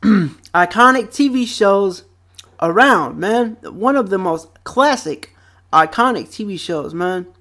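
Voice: medium pitch, a bit bright. A young adult vlogger chatting casually about childhood TV shows, rambling with many fillers and repeated phrases, close to the microphone. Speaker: vlog host.

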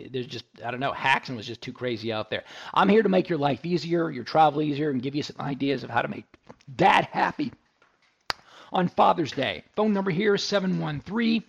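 Gravelly chatty radio host. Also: male voice, medium pitch. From Texas. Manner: chatty, jokey, many fillers and restarts. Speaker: radio tech show host. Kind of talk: casual radio talk show.

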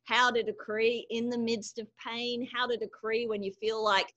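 A woman's voice: fairly high pitch, little pitch movement, normal speed, a bit bright, muffled recording. A woman with an Australian accent, a guest author speaking earnestly on a faith podcast. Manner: earnest, heartfelt, laughs easily. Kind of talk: podcast interview.

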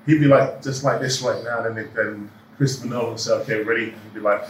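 A middle-aged man, an actor and producer, telling animated anecdotes in an interview and acting out the quoted dialogue. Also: medium pitch, quick pace, recorded from a distance, background noise. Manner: animated storyteller who acts out quoted dialogue. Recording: echoey room, voice off-mic.

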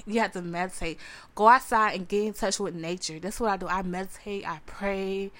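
A woman's voice: medium pitch, steady tone, brisk, a bit bright. Young woman hosting her own podcast. Earnest personal testimony, repeats herself, mid-range voice. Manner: earnest, repetitive, calls listeners honey. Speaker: podcast host. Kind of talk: personal testimony to a live audience.

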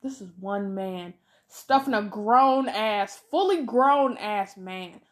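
A woman co-hosting a podcast, chatting casually about a movie, animated and exasperated as she rants. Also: medium pitch, takes it slowly. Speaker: podcast co-host. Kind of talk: casual movie review chat.

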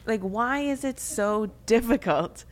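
A woman's voice: a little high, animated, slow pace. A young woman co-hosting a faith podcast, talking candidly and reflectively, with frequent fillers and restarts. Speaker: podcast co-host.

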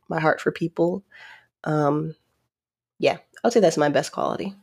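A woman from Maryland hosting her own Q&A podcast, chatty and candid, thinking out loud and restarting her sentences with playful asides. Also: low voice, steady tone, normal speed. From Maryland, USA. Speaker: podcast host. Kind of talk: casual solo Q&A podcast.

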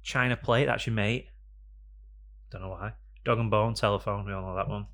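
Male podcast host, casual studio banter, low and gravelly. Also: steady tone, moderate pace. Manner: joking, rambling banter with sudden loud bursts. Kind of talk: casual chat. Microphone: studio microphone.

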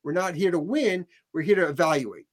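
A middle-aged man telling a story in a casual interview, animated, acting out the people he quotes, with frequent restarts. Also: on the high side, fairly quick, a crowd in the background.

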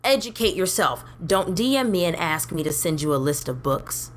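A young adult woman co-hosting a podcast in blunt, animated, profane casual chat. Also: on the low side, moderate pace, a little hiss or hum. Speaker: podcast co-host.

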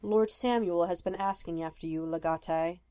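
Lady reading as a young guard from an audiobook, eager and helpful, lowish voice. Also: steady tone, moderate pace, dark tone, clear, resonant tone, close to an everyday voice. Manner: eager to help.

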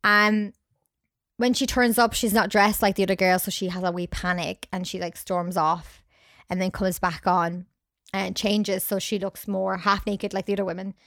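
A woman's voice: medium pitch, level tone, normal speed, a bit bright, no room sound. Chatty young woman, dry close sound. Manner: chatty, recaps scenes while acting out characters' lines. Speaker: podcast co-host. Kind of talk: casual film discussion.

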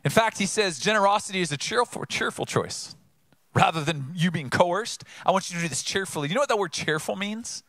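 A man from Southern California preaching an energetic, conversational sermon full of rhetorical questions. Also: high-pitched, a little fast, no echo. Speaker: pastor.

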